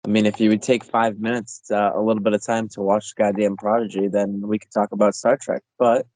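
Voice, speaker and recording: A man's voice: lowish voice, flat delivery, brisk, darkish tone. A man co-hosting a podcast, talking bluntly and with mock sternness. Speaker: podcast co-host. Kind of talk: casual chat.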